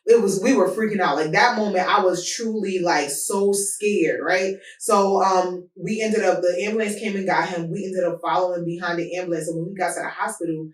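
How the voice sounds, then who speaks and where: Animated woman host, roomy distant sound. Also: moderate pace, few pauses. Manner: animated, voice jumps high when telling a story. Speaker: podcast host. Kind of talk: personal advice talk with storytelling.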